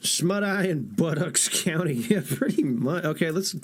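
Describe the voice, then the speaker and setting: A man's voice: fairly high pitch, lively intonation, moderate pace, few pauses, slight background noise. Swearing, incredulous streamer man. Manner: incredulous, swears a lot, jokey. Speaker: streamer reacting to a video. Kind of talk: casual profane stream commentary.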